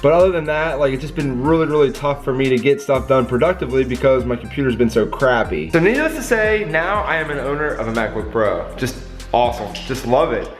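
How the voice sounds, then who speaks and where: A man vlogging straight to camera in a chatty, easygoing way. His voice sits at a middling pitch, and he talks loosely with quick apologetic asides. Faint music plays softly underneath. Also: expressive. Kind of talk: casual vlog talk to camera.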